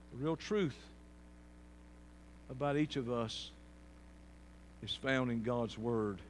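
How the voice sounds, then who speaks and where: A man preaching a sermon, swinging from quiet, low passages to loud, shouted peaks. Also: slight background noise. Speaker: pastor.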